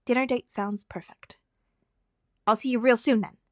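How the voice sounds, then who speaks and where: A woman voicing a gentle, affectionate young man in a fan fiction reading, soft and fond in tone. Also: on the high side, steady tone, normal speed, dry recording, studio quality, close to an everyday voice.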